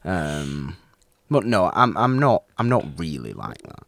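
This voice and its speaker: A man's voice: low voice, a little slow, creaky, dry recording. A man co-hosting a casual film discussion, rambling and often restarting his sentences. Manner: rambling, self-interrupting, animated.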